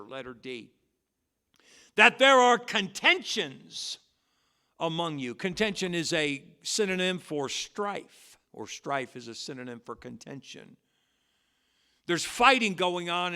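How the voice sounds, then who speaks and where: Pastor guy preaching, kinda high voice, gets loud on big words then goes quiet. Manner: emphatic, swings between loud stressed words and quiet asides. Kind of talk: expository sermon. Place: church sanctuary.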